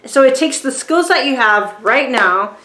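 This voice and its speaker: A woman's voice: sits high, animated, unhurried, pushed and bright. Chatty Southern-tinged woman in an echoey room. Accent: Southern American. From rural Virginia, USA. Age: 40s. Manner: rambling, chatty, lots of restarts and fillers. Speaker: YouTuber. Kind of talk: casual talking-to-camera book review.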